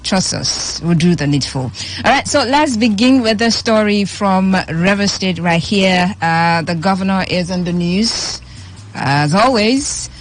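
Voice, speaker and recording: A chatty woman with a Nigerian accent hosts a radio show in a studio, reading news and stressing points by repeating words. She talks at a middle pitch, with faint room noise behind her. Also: expressive, a little slow. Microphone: studio microphone.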